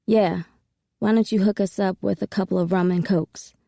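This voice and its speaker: A woman voicing a smooth, confident male street hustler who talks with a cocky, streetwise swagger. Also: mid-range voice, fairly even intonation, normal speed, mellow, no room sound, clean studio sound, close to an everyday voice.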